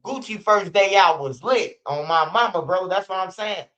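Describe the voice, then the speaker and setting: A man's voice: high voice, animated, moderate pace, bright, forceful tone. A man from Chicago with a Chicago accent, hosting a livestream and giving blunt, profane street-talk commentary. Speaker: livestream host. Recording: muffled lo-fi stream audio.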